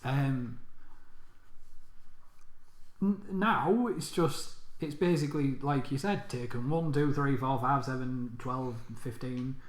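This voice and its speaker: A man's voice: mid-range voice, takes it slowly. A man co-hosting a casual chat, swearing freely and restarting his sentences. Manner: swears, restarts, laughs often. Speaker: co-host. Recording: echoey room.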